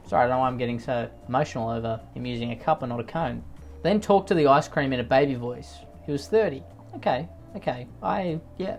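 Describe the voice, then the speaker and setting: Reading posts aloud, a man with a higher-pitched voice delivers comedic commentary through exaggerated rants punctuated by sudden loud outbursts.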